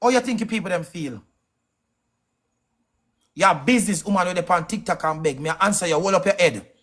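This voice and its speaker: A man with a Jamaican accent rants angrily on a live stream, hurling accusations and rapid-fire questions. His voice is high-pitched and a bit bright.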